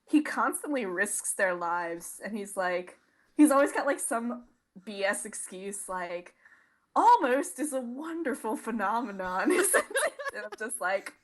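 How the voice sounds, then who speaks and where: A young woman co-hosts a casual fan podcast. She talks in an excitable, gushing way, her sentences full of "like". Her voice sits at an ordinary middle pitch. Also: a little slow. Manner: gushing, excitable, many "like" fillers. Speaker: podcast co-host.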